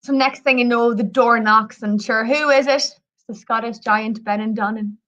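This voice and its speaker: A woman telling folklore stories on a video call, chatty and animated. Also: on the high side, normal speed. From Ireland. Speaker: tour operator representative. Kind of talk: storytelling on a live video presentation.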